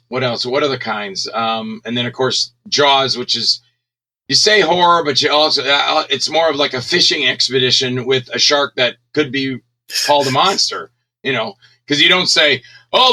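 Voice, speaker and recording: Casting note: middle-aged man, very bright tone, rambling and animated, given to acting out scenes. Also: mid-range voice, normal speed, poor audio. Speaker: guest filmmaker. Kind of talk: casual interview talk.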